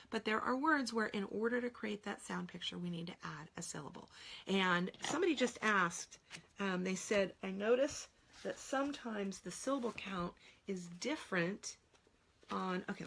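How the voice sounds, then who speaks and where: A woman's voice: mid-range voice, gravelly, bright, forceful tone. A middle-aged woman teaching spelling in a live online Q&A, explaining patiently and sounding words out syllable by syllable. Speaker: spelling trainer.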